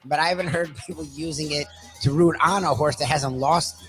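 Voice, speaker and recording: A male radio co-host with a voice a little higher than average. He talks in a relaxed, offhand way, laughs easily, and drops casual curses into the chat. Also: brisk, soft background music.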